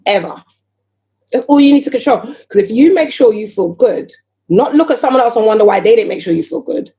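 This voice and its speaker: A woman talking as a podcast guest in casual conversation. She is animated, fires off rhetorical questions and acts out other people's voices. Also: on the high side, fairly quick. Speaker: guest entrepreneur.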